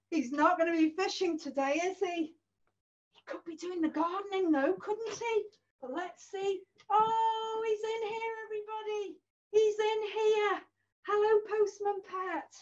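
High-voiced woman hosting a kids' sing-along on a dull video call, slow and exaggerated. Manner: animated, exaggerated, talking to small children. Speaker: children's music session leader. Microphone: video call computer mic.

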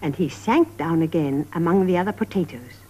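A woman narrating a story for young children in a measured, sing-song 1950s television style. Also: fairly low pitch, lively intonation, warm tone. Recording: dull lo-fi 1950s television recording.

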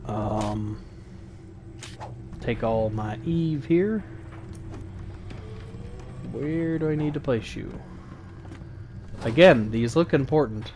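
A man providing let's play commentary in a calm, understated voice of middling pitch. He sounds less excited than he is, musing to himself and stumbling over small repeats. A soft background hiss runs underneath. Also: extremely slow, long pauses. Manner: low-key, flat delivery despite interest; thinks aloud, frequent small repeats. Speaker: gaming channel host.

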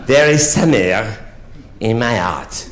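A man's voice: lowish voice, animated, takes it slowly. A man doing a pompous old French count. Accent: French, put on. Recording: roomy live theatre with laughing crowd.

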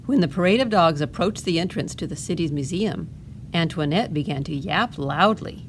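A woman librarian reads a picture book aloud for a family storytime, with a fairly low voice. She pauses often for gentle asides to the children. A faint hiss runs under the reading. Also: animated.

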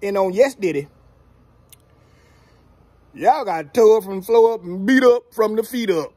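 A man's voice: high-pitched, expressive, measured pace, a little mellow, no room sound. A man giving a casual football recap, drawling and playfully trash-talking. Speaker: sports commentator vlogger.

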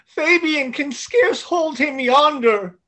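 A man's voice: very high voice, slow pace, bright, forceful tone, exaggerated voice. A man reading a boisterous, scheming knight in a Zoom play reading, with a blustering, persuasive delivery. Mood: bold. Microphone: video call.

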